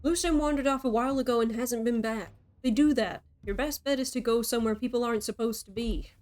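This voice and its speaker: A woman's voice: fairly high pitch, fast, close to an everyday voice. A woman voicing a cocky young man with a Cockney accent who teases in a lazy drawl. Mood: deadpan. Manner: lazy teasing drawl, then deadpan. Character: cocky snack-pocketing young man, teasing then protective.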